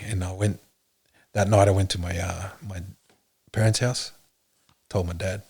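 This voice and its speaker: A man, a podcast guest, telling his story in an earnest, halting way with many fillers. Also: low-pitched, little pitch movement, creaky, dark tone, husky. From Australia. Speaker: podcast guest, police officer. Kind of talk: casual interview talk.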